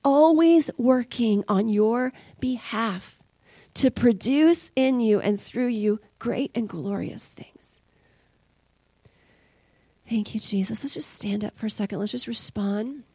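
A woman's voice: a little high, unhurried, mellow, dry recording. A woman preaching a sermon as a conversational, emotional testimony, dropping at times to near whispers.

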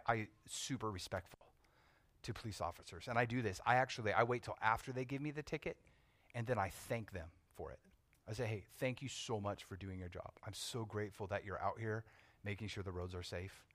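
A young man preaching, telling a personal testimony with animated storytelling that swings from hushed to loud. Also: on the low side, a little fast, dry recording. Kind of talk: testimony sermon.

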